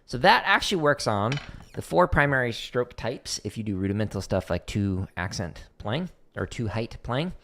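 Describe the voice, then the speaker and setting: A man's voice: medium pitch, normal speed, noisy background. A man teaching drum technique on a casual livestream, explaining exercises as he demonstrates them. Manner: relaxed, explanatory, talks while demonstrating. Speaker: drum teacher streaming practice.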